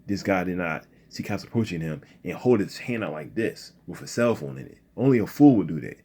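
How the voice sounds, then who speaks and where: A man speaks in an earnest, quick-moving commentary. His voice sits low and carries a husky edge. He keeps checking in with his listener, tagging his lines with "okay?" and "you know.". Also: lively intonation, warm tone. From Philadelphia area, USA. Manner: frequent "okay?" and "you know" tags, restarts. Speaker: video commentator.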